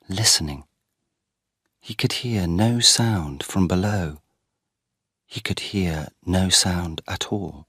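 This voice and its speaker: Deep slow man reading a story. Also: dry recording, studio quality. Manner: slow, clear and expressive. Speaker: story reader. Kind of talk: scripted narration for English learners.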